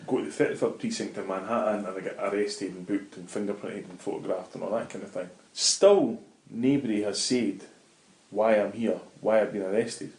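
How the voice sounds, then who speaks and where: A man's voice: fairly low pitch, fairly even intonation, moderate pace, a little mellow. A middle-aged Scottish man telling a vivid, swear-laden story as an interview guest in casual talk. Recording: roomy echoey room.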